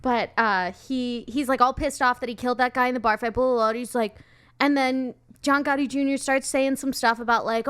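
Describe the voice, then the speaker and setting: A fairly high-voiced woman in casual podcast chat. She talks in an animated, storytelling way and slips into acting out lines from a film, with a bright, lively delivery. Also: a little fast, smooth. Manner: animated, acts out quoted movie lines. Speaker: podcast co-host.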